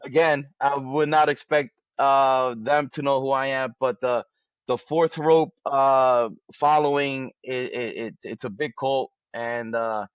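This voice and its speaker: A man's voice: medium pitch, fairly even intonation, measured pace, smooth, dry recording, muffled recording. A man as an interview guest, talking casually with many restarts and fillers.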